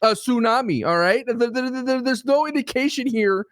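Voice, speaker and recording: A man's voice: extremely high pitch, moderate pace, a bit bright, no echo. A man co-hosting a podcast, arguing in casual banter with playful mock grief and bursts of stammering. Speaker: podcast co-host.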